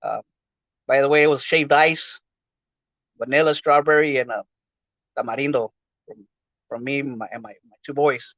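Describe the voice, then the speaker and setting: A man's voice: medium pitch, steady tone, normal speed, long pauses, a bit bright, no echo. A man from Los Angeles hosting his podcast in a casual, rambling, slangy chat full of fillers. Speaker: podcast host. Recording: dull lo-fi dry sound.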